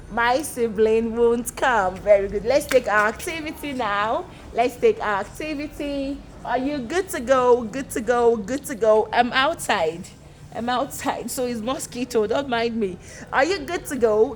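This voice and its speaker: A woman teaching a playful beginner language lesson, drawing out words slowly and repeating them for learners, recorded outdoors. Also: on the high side, slight background noise.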